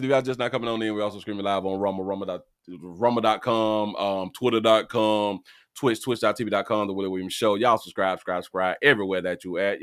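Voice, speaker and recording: A man hosting a live stream, ranting animatedly with frequent laughs, repeated words and loud high outbursts. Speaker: live-stream show host. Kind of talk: live-stream commentary rant.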